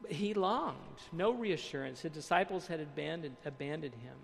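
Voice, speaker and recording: A man preaching a sermon, reading quotes aloud, then explaining them with dramatic pauses and hushed emphasis. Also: fairly high pitch, expressive, creaky, big-room sound, a little hiss or hum.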